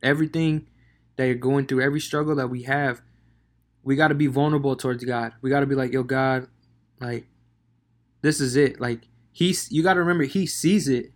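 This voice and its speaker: A man gives a casual devotional talk on scripture, speaking fast in a mid-range voice. He's slangy and conversational, using lots of fillers.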